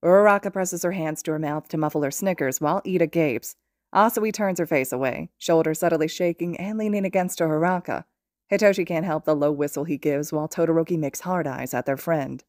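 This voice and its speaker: Woman podfic reader, steady and expressive, low-pitched and dry. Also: brisk, no echo. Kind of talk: reading fan fiction aloud.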